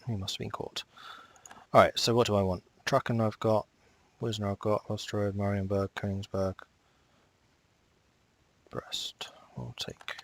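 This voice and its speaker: A man's voice: lowish voice, level tone, unhurried, pauses often. A man casually commenting on his strategy game as he plays, often muttering to himself and talking back to the game. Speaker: strategy game let's player.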